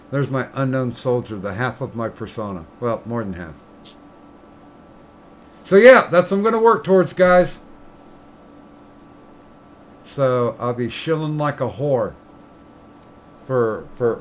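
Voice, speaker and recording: A man's voice: mid-range voice, a little hiss or hum. A man streaming, chatting casually in a rambling, profane way. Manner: rambling, profane, laughing at own jokes. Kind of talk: casual chat.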